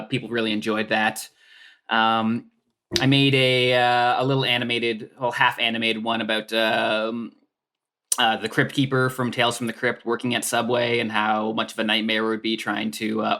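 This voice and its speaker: A man's voice: mid-range voice, bright, forceful tone. Rambling man, podcast guest. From Canada. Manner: rambling, lots of filler words and restarts. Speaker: guest sketch comedian. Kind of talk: casual podcast chat.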